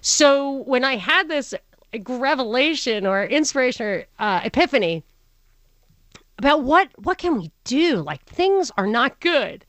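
A woman hosting a talk show who talks in an animated, rambling way, with many restarts. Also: high-pitched, a little slow, dry recording. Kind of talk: casual chat.

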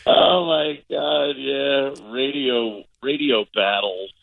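A man's voice: mid-range voice, vocal fry. A man, a guest radio host calling in by phone, reacting sympathetically in a casual interview. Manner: slow, sympathetic reactions with frequent laughs. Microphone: phone call-in. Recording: tinny phone line.

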